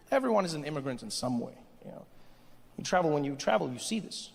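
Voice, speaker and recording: A man performing a stand-up comedy routine in an animated way, acting out characters in shifting voices before a live audience. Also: a little high, quick pace, vocal fry, a little hiss or hum. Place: large theater with live audience. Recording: live hall recording with audience.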